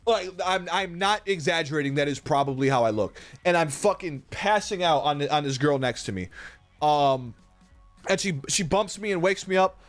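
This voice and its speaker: A man's voice: on the high side, expressive, moderate pace, soft background music. A young man streaming live, telling a rambling, profane story and laughing a lot.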